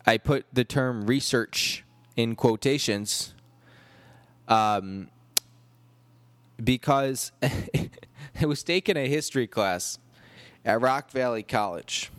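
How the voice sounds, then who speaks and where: A man's voice: medium pitch, no echo. A man hosting a comedic solo podcast, rambling through wry, self-deprecating asides. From United States. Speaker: podcast host.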